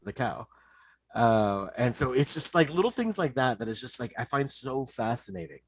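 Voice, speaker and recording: A man co-hosting a podcast, excitedly retelling cartoon episodes in casual chat, full of fillers and swearing. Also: medium pitch, moderate pace, slightly rough, poor audio. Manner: excited, profane storytelling, many "like" fillers. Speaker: podcast co-host.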